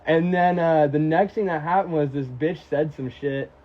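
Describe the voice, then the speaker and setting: A young American man on a casual livestream, reading out fan questions and telling stories in a profane, animated way. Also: a little high, normal speed, highs cut off. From United States. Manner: profane, animated storytelling, answering chat questions. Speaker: musician on a livestream.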